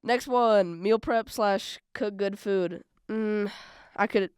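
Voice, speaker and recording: Young woman rambling on her own podcast, super smooth clear voice, dry close mic, says like a lot. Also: mid-range voice, takes it slowly, no room sound. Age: young adult. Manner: chatty and rambling, lots of "like" and "bro"; animated, swings between loud bursts and mumbled asides. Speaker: college radio podcast host. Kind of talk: casual solo podcast chat.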